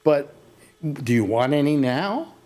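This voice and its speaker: A man's voice: fairly high pitch, animated, slow, mellow. An older man hosting a casual talk show, rambling through stories with many restarts. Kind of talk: casual chat.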